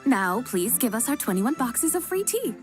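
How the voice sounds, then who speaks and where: A cool-headed young woman from a video game who reasons aloud in a measured, precise way. Her delivery stays even and analytical. Faint game music sits behind her. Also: fairly high pitch. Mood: calm.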